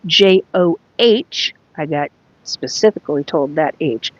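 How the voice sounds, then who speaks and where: Slow, low-voiced woman hosting a chat. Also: lively intonation, no room sound, highs cut off. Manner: halting, reads aloud from her notes with many fillers. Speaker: psychic medium host. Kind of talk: live solo chat, recounting a spirit reading.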